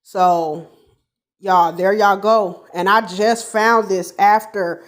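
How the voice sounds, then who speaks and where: A woman's voice: mid-range voice, fairly even intonation, slow pace. A woman working as a nurse, giving blunt, profane and heated commentary on a crime case to her viewers. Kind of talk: ranting true-crime commentary.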